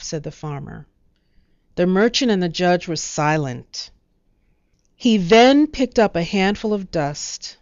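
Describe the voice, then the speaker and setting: Woman storyteller, measured and expressive, smooth and dry. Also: lowish voice, no echo, lo-fi sound. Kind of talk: storybook narration.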